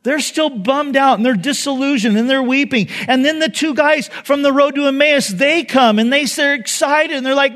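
A male pastor preaching a sermon with passion, firing rhetorical questions and dropping soft and low on key phrases. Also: moderate pace, hardly any pauses.

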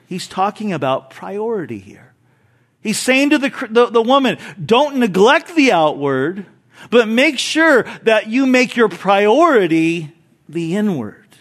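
A male pastor preaching an expository sermon in a church, emphatic and animated, joking with the congregation. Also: sits high.

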